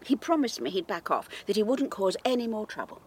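An actress playing an animated, fretful older woman in a radio drama. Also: mid-range voice, fairly quick, a little hiss or hum, lightly acted. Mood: frustrated. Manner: animated, coaxing.

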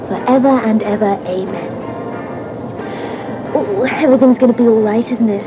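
A woman's voice: on the high side, moderate pace, lightly acted. An actress playing an eager young woman who talks earnestly and dreamily about the future with her lover. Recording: dull radio audio with music.

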